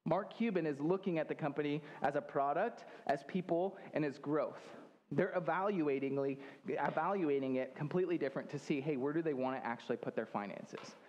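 A man's voice: on the high side, fairly quick, darkish tone, muffled recording. An American man preaching a sermon as pastor, talking conversationally with joking asides. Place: church hall. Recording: long hall reverb.

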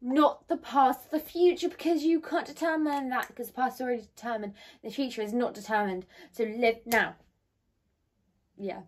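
A young woman rambles to her phone camera from her bedroom, bubbly and chatty. Her voice sits a little high. She speaks, close to a phone propped on a ring light. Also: moderate pace. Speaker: vlogger. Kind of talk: casual chat to camera. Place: bedroom at home.

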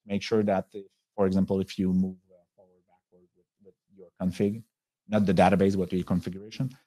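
A French-accented man, an executive at a software company, presents a webinar over a video call. His delivery halts with frequent pauses and restarts, and his voice sits low in a level tone.

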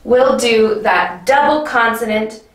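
A woman teaching an English grammar lesson in a clear, patient way, often checking in with the viewer. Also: fairly high pitch, slow, reverberant, recorded from a distance, low-quality recording.

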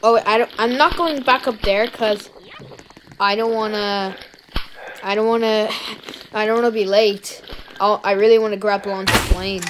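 A woman with an Irish accent giving let's-play commentary as a YouTuber, talking to herself and reacting with jumpy, excited outbursts. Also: mid-range voice, normal speed, pauses often, a little hiss or hum, low-quality recording. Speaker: YouTuber playing a game.

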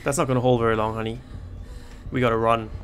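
A man's voice: mid-range voice, level tone, fast talker. A man giving let's play commentary, panicking, swearing and joking to himself. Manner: panicky, swearing, jokey self-talk. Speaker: game streamer.

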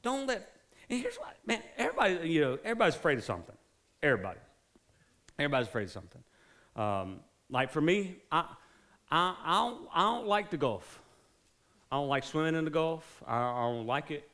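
This is a man in his forties, a pastor with a high-pitched voice. He preaches in a loose, joking, conversational way and builds into fervent exhortation. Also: very animated, a little fast, a bit bright. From South Carolina, US. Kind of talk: sermon.

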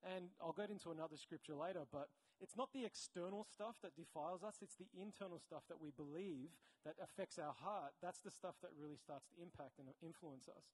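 An Australian man giving a conversational sermon as a preacher, often correcting himself mid-sentence and breaking into animated asides. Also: fairly high pitch, brisk, few pauses, poor audio.

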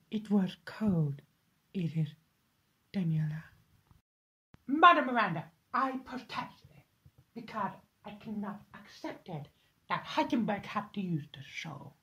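A woman voicing an imperious, vengeful aristocratic vampire lady in a fan voice impression, talking slowly and theatrically, swinging between hissed whispers and shouts. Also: fairly low pitch. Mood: scheming, hushed.

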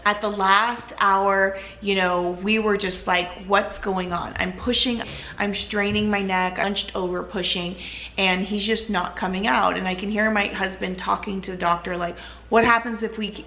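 A woman's voice: medium pitch, sharp tone, reverberant. A woman vlogger casually telling her own story to camera, chatty and full of "like" and "you know".

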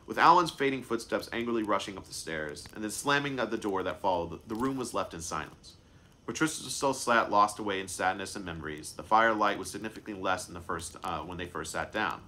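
A man's voice: lowish voice, fairly quick, bright, forceful tone, slight background noise. A man reading his own book aloud live, stumbling and correcting himself as he goes. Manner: unscripted stumbles and self-corrections. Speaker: author and narrator.

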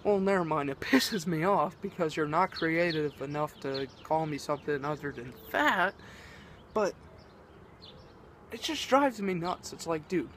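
Give me a man venting in a casual vlog, profane and rambling, with a lively, swooping pitch. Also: a little slow, slight background noise. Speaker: vlogger.

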